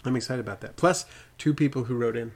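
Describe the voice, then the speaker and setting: A man's voice: medium pitch, fast talker, darkish tone. A man co-hosting a podcast in casual chat on a studio microphone, easygoing and laughing often. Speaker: podcast co-host.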